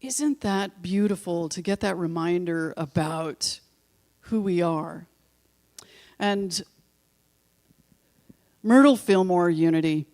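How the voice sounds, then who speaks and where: A woman minister giving a sermon in a church, telling stories with slow, emphatic repetitions and chatty asides to her congregation. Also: fairly low pitch, a little mellow. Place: church sanctuary.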